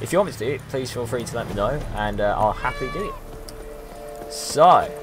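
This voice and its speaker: A young man from the UK streams a game with casual, rambling commentary. His pitch jumps around a lot as he exclaims, with faint music playing behind him. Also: animated, moderate pace, fairly bright tone. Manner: rambling, exclamatory, lots of ums. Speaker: gaming streamer. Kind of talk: casual let's-play commentary.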